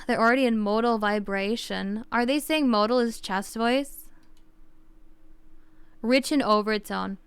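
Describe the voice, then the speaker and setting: A woman streamer talking casually on her livestream, thinking aloud and circling back with constant fillers. Her voice is very clear and crisp, with a gravelly fry at the edges. The sound is dry and close. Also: a little high, slow pace, pauses often, dry recording.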